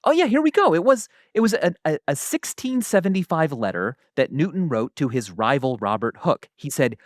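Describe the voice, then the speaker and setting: Lively man reacting in chat. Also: on the high side, moderate pace, few pauses, no echo, studio quality. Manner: reactive, surprised interjections. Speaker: podcast co-host. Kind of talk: casual chat.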